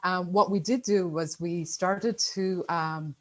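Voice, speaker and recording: A middle-aged woman with an Irish accent speaks on a video call, her pitch a little low. Her talk is chatty and upbeat, and she often fills pauses with "um". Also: steady tone, rough recording. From Ireland. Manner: chatty, upbeat, many fillers. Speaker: guest speaker. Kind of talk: casual presentation on a video call.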